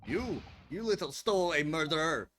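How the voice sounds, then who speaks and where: A burly, hostile sailor, put on by a man barks in a put-on Russian accent and broken English. He comes in louder and higher than a plain speaking voice, and his pitch swings widely. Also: very animated, brisk, slight background noise. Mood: accusing. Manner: broken English, barking accusations. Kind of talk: voicing game characters on a livestream.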